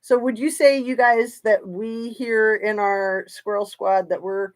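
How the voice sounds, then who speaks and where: A woman's voice: fairly high pitch, steady tone, measured pace. A woman hosting a casual true crime livestream, chatting in a rambling way with sarcastic asides.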